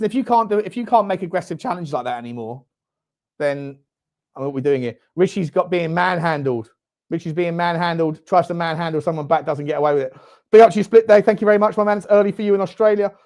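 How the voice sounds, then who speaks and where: A young man hosting a live football watchalong, reacting loudly, swearing and shouting at the game. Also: high-pitched, fast. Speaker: fan channel host. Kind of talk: live match watchalong commentary.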